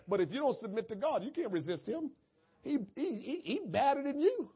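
A male preacher with a very high, lively voice that leaps around as he preaches. He drops to near-murmurs, then shouts and stretches out scripture lines. The sound is dull and lo-fi, like a church service recording. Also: slightly rough. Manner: drawn-out emphatic scripture reading. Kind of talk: sermon.

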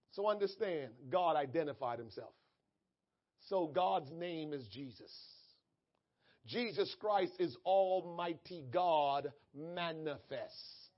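A man preaching in a very high voice, drawing his words out slowly. He drops to quiet asides, then builds to shouted peaks, and the recording sounds dull and lo-fi. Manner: reads scripture in measured, deliberate cadence. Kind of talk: sermon.

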